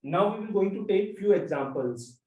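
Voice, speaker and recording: A French teacher gives a classroom lesson, walking through the material step by step and spelling out letters one by one. His voice sits high with lively intonation and a moderate pace. The sound is phone-quality, with roomy echo from a distant mic.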